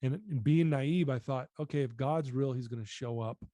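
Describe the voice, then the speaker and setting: An earnest man recounts his personal story as a podcast guest. His tone is mellow and dark, and he often sinks to a quieter register. The sound is dry and close. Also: medium pitch, normal speed, no room sound. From United States. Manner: earnest, reflective, often drops voice.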